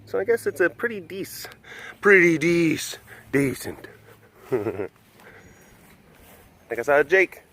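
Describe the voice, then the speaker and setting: A man with a higher, sing-song voice talks slowly, leaving long pauses, his tone fairly bright. He's the host of an easygoing outdoor sanctuary webcast, strolling through a big cat compound and cooing baby talk at the animals.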